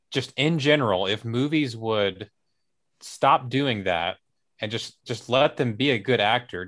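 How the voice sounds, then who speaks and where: A man's voice: mid-range voice, a bit bright. A man co-hosting a casual discussion, talking in a rambling, hesitant way with many restarts. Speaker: podcast co-host.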